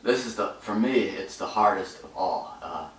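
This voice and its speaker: A man talks through a stretching routine while holding each position, his low voice breaking into short phrases as he catches his breath. He sounds winded from the effort. The mic sits far from him in an echoey room, with faint ambient noise behind. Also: moderate pace, fairly bright tone. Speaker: stretching instructor. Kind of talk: instructional demonstration.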